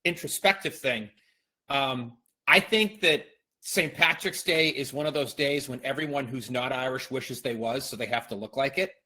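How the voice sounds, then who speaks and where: A middle-aged man from the Boston area, co-hosting a podcast in casual chat, opinionated and animated as he tells stories. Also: mid-range voice, normal speed. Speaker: podcast co-host.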